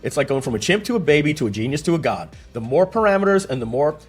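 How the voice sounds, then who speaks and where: A man's voice: on the high side, quick pace, husky, soft background music. A man giving a casual screen-share explanation, telling stories and asking rhetorical questions as he goes. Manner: animated, storytelling, rhetorical questions. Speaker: tech explainer.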